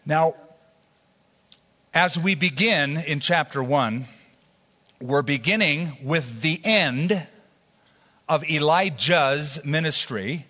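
Bright-voiced man preaching in a reverberant hall. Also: a little high, takes it slowly, pauses often. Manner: conversational Bible teaching with asides to the congregation. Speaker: pastor. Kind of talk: sermon.

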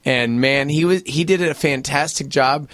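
A slightly hoarse man co-hosting a morning show, chatting and laughing often. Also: mid-range voice, moderate pace, fairly bright tone. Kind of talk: casual banter.

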